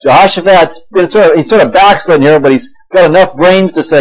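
Emphatic preacher reading and explaining scripture. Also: male voice, on the high side, fairly quick, low-quality recording. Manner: reads old-style scripture, then paraphrases it in casual slang; emphatic, asks listeners for agreement. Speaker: pastor. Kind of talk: sermon, reading scripture aloud.

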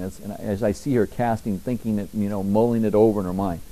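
A male pastor delivers a sermon in church with a warm, mellow tone. He reads scripture slowly and forcefully, climbing in pitch on key words. Between verses he drops into quieter, conversational asides. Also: rough recording.

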